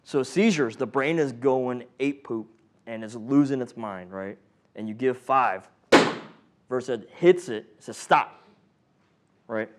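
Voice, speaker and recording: A man's voice: medium pitch, measured pace, slight background noise. A man teaching a paramedic training class in a casual, joking way, quizzing the room and acting out patients. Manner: joking, animated, acts out patient and monitor voices. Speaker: paramedic instructor.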